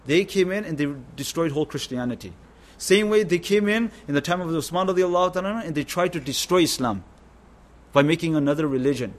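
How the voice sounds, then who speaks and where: A religious teacher with a voice on the high side speaks quickly, giving an informal sermon to a gathering. He repeats his points and keeps asking "understand?" to check that listeners follow.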